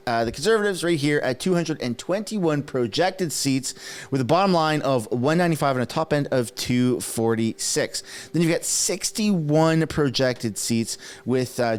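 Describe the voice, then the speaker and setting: A man in his thirties who grew up speaking French, hosting his own political commentary channel. He talks casually and excitably, mocking his targets and often bursting into enthusiasm. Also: mid-range voice. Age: 30s.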